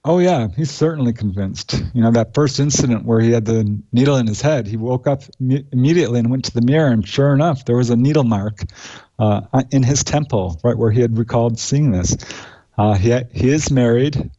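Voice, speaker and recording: A man with a warm, darkish voice explains the cases he researched as an interview guest. He speaks plainly and matter-of-factly, often pausing on "uh". The recording is dull and lo-fi. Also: mid-range voice. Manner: recounts cases in a steady matter-of-fact way, with frequent "uh" fillers. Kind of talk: conversational interview.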